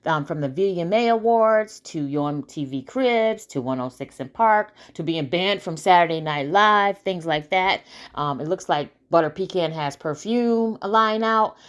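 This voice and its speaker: A woman's voice: mid-range voice, animated, moderate pace. A woman casually recapping a TV episode, chatty, with many fillers and asides to her viewers.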